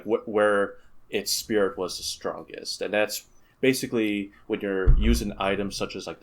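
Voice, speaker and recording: A man who is a guest on a gaming podcast, telling a long story and often restarting his sentences. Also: on the low side. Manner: rambling storyteller with many restarts. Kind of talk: casual gaming podcast chat.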